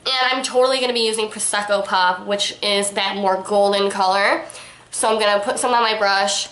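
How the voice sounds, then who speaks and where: A woman's voice: mid-range voice, steady tone, moderate pace, fairly bright tone. A young woman reviewing makeup in a casual, gushing, chatty way, talking straight to her viewers. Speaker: beauty vlogger. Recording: echoey room.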